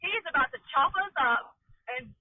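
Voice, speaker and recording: A young woman with a high voice that jumps around a lot, tossing in dramatic jokes and cutting into the story. Her banter is loose and playful. The sound is dry and thin, like a phone line. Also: lively intonation, brisk, dry recording, distant mic. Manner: interrupting, joking, dramatic. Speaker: podcast co-host. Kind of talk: casual banter. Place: inside a car.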